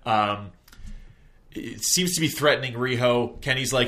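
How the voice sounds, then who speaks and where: Young guy hosting a pod, chill sweary wrestling recap, jokey asides, middle-pitched regular voice. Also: a little slow, sharp tone. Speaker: podcast host. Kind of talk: casual wrestling recap chat.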